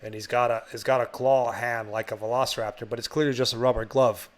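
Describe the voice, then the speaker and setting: A man's voice: mid-range voice, flat delivery, fast. A podcast co-host from Bulgaria, talking in easygoing casual chat. He rambles and restarts his sentences, uses plenty of fillers, and laughs along as he recaps the plot.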